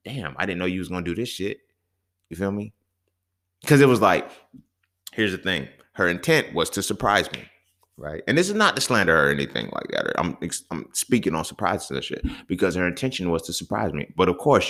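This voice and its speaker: A young man with a very deep, gravelly voice, telling a story in a casual, profane monologue. He keeps checking in with "you feel me?" and swings from low mutters to sudden high exclaims. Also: very animated, fairly quick, fairly bright tone. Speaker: podcast host.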